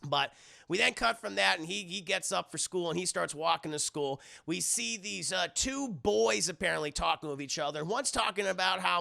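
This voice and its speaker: Guy recapping an anime to his stream chat, high and gravelly, rambles a lot. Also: a little fast, bright, forceful tone. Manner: rambling, fillers, addresses chat. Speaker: anime reviewer streaming live. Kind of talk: casual recap commentary to live chat.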